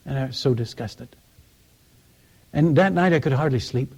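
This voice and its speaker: A man preaching as a missionary, telling a story in an animated way and often restarting and repeating words. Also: mid-range voice, moderate pace, gravelly. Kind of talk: sermon storytelling.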